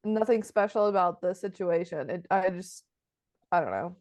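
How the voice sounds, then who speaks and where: A woman's voice: on the low side, moderate pace, a little mellow, no room sound, studio quality. A woman co-hosting a podcast, chatting casually and giggly about a film over a video call. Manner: chatty, giggly, lots of restarts. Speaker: podcast co-host. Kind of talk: casual chat reviewing a film.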